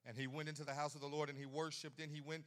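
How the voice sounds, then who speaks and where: A man preaching a sermon at a men's conference, folksy and humorous, swinging from shouts to hushed asides. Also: fairly high pitch, level tone, rapid-fire. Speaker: pastor.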